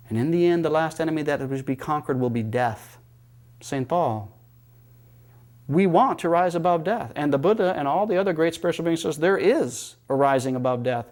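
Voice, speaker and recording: A man teaching yoga philosophy in a calm, reflective manner and telling teaching stories. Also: a little high. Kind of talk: spiritual lecture.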